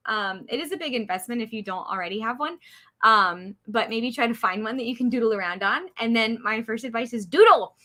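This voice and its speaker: A young adult woman co-hosting a casual livestream, chatty and full of easy advice. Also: on the high side. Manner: chatty, warm advice-giving, laughs often. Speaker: livestream co-host.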